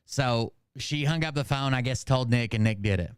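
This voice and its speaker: A middle-aged host tells stories casually and profanely, animated and laughing at his own tales. His medium-pitched voice is clear and resonant at a moderate pace, and the sound is dry and close, with no echo.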